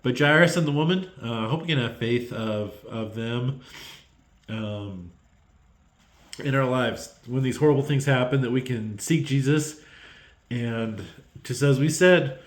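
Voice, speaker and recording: A man giving a heartfelt, unscripted Bible devotional, halting with many pauses and restarts, close to tears. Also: mid-range voice, roomy sound. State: tearful.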